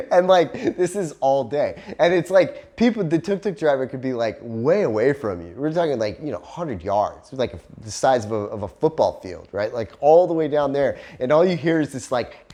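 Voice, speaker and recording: A man's voice: on the high side, expressive, moderate pace, a little mellow. Laughing, loose-talking man telling a story. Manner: laughing often, loose and profane, acts out voices. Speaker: vlogger. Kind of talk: casual storytelling. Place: living in Cambodia.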